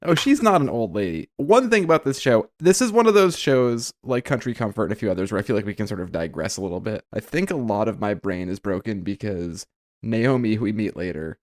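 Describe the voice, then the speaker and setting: A man in his thirties chats casually on a podcast, trading jokes and quick asides. His voice sits fairly low. The sound is dry and close. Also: lively intonation, no room sound. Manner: joking, quick asides, often laughing. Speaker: podcast co-host. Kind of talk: casual jokey chat.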